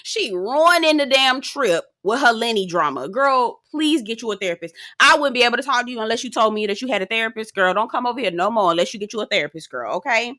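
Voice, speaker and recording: A sassy, foul-mouthed woman recapping reality TV in a loose, chatty way. Her voice is bright and sharp, and it climbs higher than most. She swoops dramatically in pitch and breaks into laughter often. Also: fast, few pauses, dry recording, clean studio sound. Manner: sassy, profane, animated. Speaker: TV recap reviewer. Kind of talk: casual commentary.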